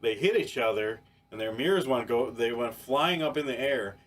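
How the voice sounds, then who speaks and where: A man on a podcast telling a story in casual chat, animated and profane, with many restarts. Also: mid-range voice, moderate pace. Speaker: podcast co-host.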